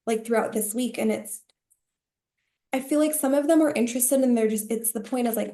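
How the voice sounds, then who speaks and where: A woman who used to be a teacher, talking casually on a coaching call and telling rambling, animated stories full of fillers. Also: fairly high pitch, fairly quick. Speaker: coaching client, former teacher.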